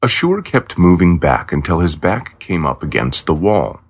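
A man narrates a story with a very deep, gravelly voice and lively pitch. His reading is measured and plain. The recording sounds dull and lo-fi.

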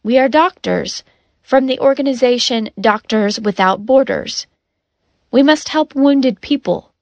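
A woman voicing a quick-witted female doctor in a storybook reading, speaking earnestly and insistently. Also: fairly high pitch, dry recording.

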